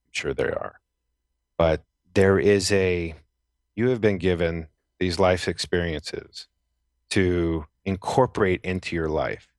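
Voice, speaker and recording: A middle-aged man with a very low, deep voice talks through his life story as a podcast guest. He is earnest and a little rambling, with lots of fillers and self-corrections. The sound is close and dry, with no room echo. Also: steady tone, slow. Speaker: podcast guest, military veteran. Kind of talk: casual storytelling interview. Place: Los Angeles.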